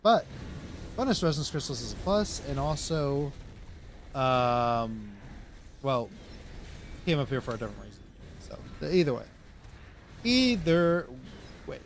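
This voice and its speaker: A man's voice: medium pitch, a little slow, long pauses, slight background noise. A man streaming a game live, rambling through casual commentary to himself and his chat.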